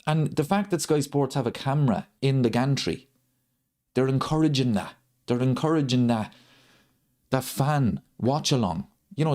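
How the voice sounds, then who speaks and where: This football watchalong host chats live, ranting and hammering his points through repetition. The voice is mid-pitched with a slightly mellow quality.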